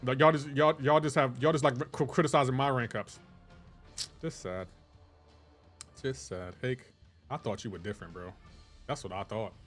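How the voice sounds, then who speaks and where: A male game streamer bantering with his chat in a loose, teasing way, feigning offense for laughs. His voice sits at a middling pitch, and faint music plays softly behind him. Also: a little fast. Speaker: livestream gamer. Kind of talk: casual chat with live chat viewers.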